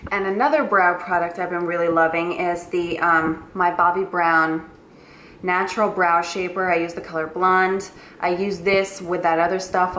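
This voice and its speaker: A young New York woman, a makeup artist, gushes through her monthly favorites in a casual vlog, packing her talk with fillers. Her voice sits on the low side with a fairly bright tone. The recording has a roomy echo and faint noise.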